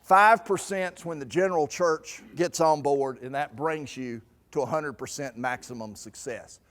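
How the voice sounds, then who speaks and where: Lively man lecturing in a reverberant hall. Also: fairly high pitch, measured pace. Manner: lively storyteller acting out quoted people. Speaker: stewardship seminar presenter. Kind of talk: seminar lecture with anecdotes.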